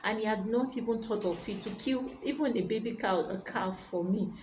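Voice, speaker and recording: A woman's voice: normal speed, roomy sound, slight background noise, lightly acted. A woman doing a resentful older brother. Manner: bitter complaining, quiet and low.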